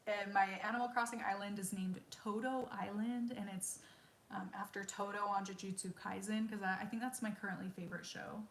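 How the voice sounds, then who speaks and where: A woman's voice: medium pitch, fairly even intonation, fairly quick, roomy sound, slight background noise. A woman in her thirties hosting a casual live Q&A from home, chatty and self-deprecating, laughing often, on a wireless mic. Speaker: livestream host answering viewer questions. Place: room at home. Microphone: wireless mic with receiver.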